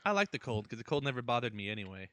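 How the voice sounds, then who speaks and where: A man co-hosting a casual comedy podcast, teasing his partner with quick jokey quips. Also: mid-range voice, very animated, fairly bright tone, smooth, dry recording. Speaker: podcast co-host.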